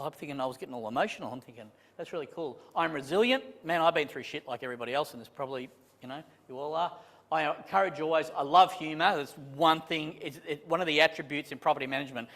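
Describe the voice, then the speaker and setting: A man giving a casual, joking training talk to a live audience, with many restarts. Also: fairly high pitch. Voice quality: chatty, animated, self-deprecating jokes, many restarts. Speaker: property management trainer. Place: conference room with a live audience. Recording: long reverb in a large hall.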